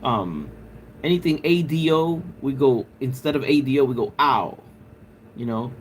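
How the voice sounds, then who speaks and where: A man's voice: medium pitch, expressive, normal speed, slight background noise. A man with a Puerto Rican accent chatting casually on a livestream, musing aloud with crude, playful banter. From Puerto Rico. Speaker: livestream host.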